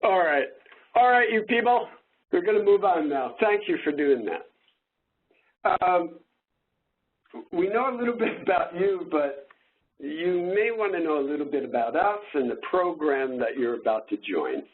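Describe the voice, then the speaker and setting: A man's voice: fairly high pitch, lively intonation, a little slow, breathy edge. A man co-hosting a training webinar, joking and bantering with his co-host, over tinny phone-like audio. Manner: jokey, playful banter. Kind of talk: casual webinar presentation.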